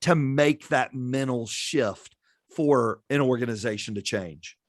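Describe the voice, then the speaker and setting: A man's voice: mid-range voice, slow pace, no room sound, clean studio sound. A man hosting a leadership podcast, asking thoughtful, earnest questions. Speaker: podcast host. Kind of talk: interview questions.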